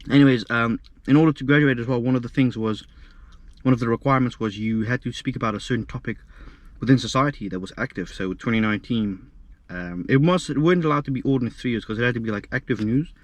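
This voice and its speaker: A man's voice: mid-range voice, fast talker, no room sound. Young male vlogger, loose rambling delivery, swears, dry close car sound. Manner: rambling, swears freely, laughs. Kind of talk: casual vlog chat. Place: inside a parked car. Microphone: GoPro camera.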